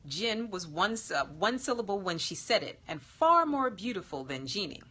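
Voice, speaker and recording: A woman reading an erotic story aloud in a slow, sultry narration that sometimes drops to a whisper. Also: lowish voice, big pitch swings, bright, forceful tone, slightly rough. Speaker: erotica reader. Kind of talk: scripted narration.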